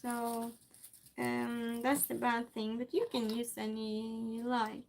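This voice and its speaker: A woman's voice: a little high, monotone, takes it slowly, creaky, darkish tone, a little hiss or hum. A woman streamer chatting casually while she cooks, reading viewer comments aloud and answering them with frequent laughs. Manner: laughs often, teases the chat. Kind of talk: casual chat while cooking.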